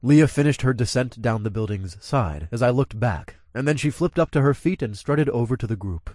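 A man's voice: mid-range voice, lively intonation, moderate pace, warm tone, no room sound, clean studio sound. A man narrating a first-person story in a casual manner with crude asides.

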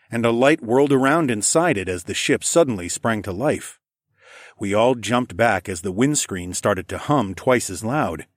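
A man reading a first-person story as an audiobook, relaxed storytelling with casual asides. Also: lowish voice, no room sound, studio quality. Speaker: audiobook narrator.

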